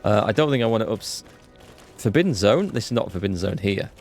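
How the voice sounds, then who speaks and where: A man hosting a live game playthrough, chatty and excitable, greeting viewers in chat. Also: on the low side, fairly quick. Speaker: let's play host. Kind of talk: live gameplay commentary. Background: faint game music.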